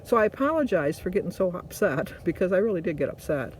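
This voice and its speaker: A woman's voice: fairly low pitch, sing-song, fast, darkish tone, slight background noise. A woman hosting a vlog, chatting casually and motivationally, rambling through stories and correcting herself. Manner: rambling storytelling with self-corrections. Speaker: vlog host.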